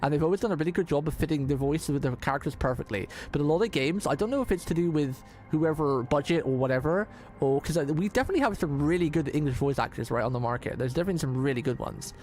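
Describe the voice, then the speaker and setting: A man's voice: a little high, expressive, fast, few pauses, darkish tone, a little hiss or hum. A man streaming a game, chatting casually and rambling, repeating words and restarting his sentences often. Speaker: vtuber streamer. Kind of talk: casual live-stream commentary.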